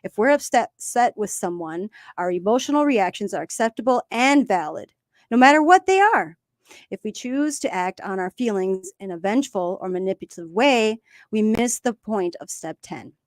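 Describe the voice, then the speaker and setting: A woman's voice: medium pitch, normal speed, no echo, clean studio sound. Emotionally open woman sharing recovery stories. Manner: open, emotional, animated storytelling. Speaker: podcast co-host. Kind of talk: casual recovery discussion.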